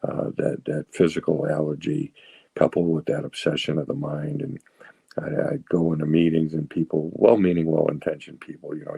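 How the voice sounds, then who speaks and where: A man in his sixties with a very low, gravelly voice tells his recovery story, halting and restarting, with a wry, self-mocking humor. His tone is dark and husky, recorded close and dry. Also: lively intonation, no echo, rough recording. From New England. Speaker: recovery speaker.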